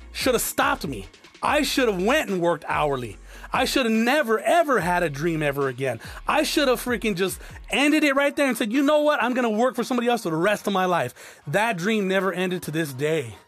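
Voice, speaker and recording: Talking straight to the camera, a forty-something entrepreneur vlogger from South Tucson, Arizona delivers motivation bluntly and profanely, preaching at his viewers and addressing them as "guys." He has a high-pitched, somewhat bright voice.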